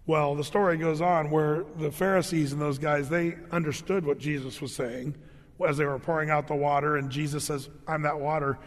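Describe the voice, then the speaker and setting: Male pastor, sermon, high voice, animated storytelling, long hall reverb. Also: fairly quick. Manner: animated storytelling, rhetorical questions to listeners.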